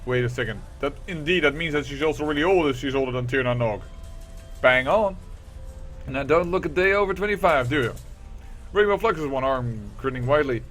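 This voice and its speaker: A man's voice: medium pitch, lively intonation, fairly quick, a bit bright, faint music behind. A man hosting a let's play, reading game dialogue aloud and rambling in a self-deprecating way into a desk microphone.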